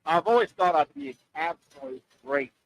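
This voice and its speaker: A man hosting a live radio show from an open-air oyster bar, chatting loosely and joking in a rambling, animated way. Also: a little high, quick pace, poor audio. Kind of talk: casual radio chat.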